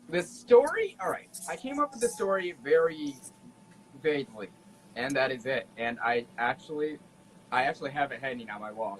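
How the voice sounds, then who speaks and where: A young man talking as a guest on a casual podcast, outgoing and animated, laughing often. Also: medium pitch, a little hiss or hum, poor audio. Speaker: guest artist.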